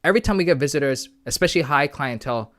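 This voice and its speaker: A man's voice: fairly high pitch, lively intonation, rapid-fire, fairly bright tone. A man from Canada chatting casually on a live stream, reading viewer messages aloud and answering them from home into a close, sensitive desk mic.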